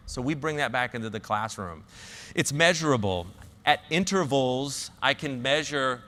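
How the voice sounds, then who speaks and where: A man with a Southern US accent gives a conference talk, telling a story with plenty of "uh"s and restarts. His voice is bright and forceful. It rings out with a long reverb, as if from a large hall. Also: medium pitch, moderate pace. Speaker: conference speaker.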